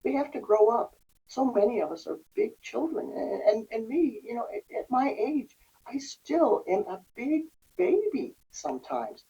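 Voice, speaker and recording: Her voice is fairly high and warm, with big pitch swings, vocal fry, and an unhurried pace. As a guest coach on recovery and parenting, she gives earnest podcast advice about parenting and resilience, dramatizing little moments in quoted speech. The audio comes from a distant, dull, lo-fi microphone.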